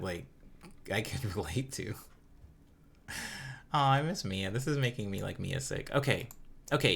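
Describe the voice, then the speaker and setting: A man's voice: mid-range voice, fairly bright tone. A man hosting a live stream, chatting casually, joking and reacting to his chat. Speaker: livestream host.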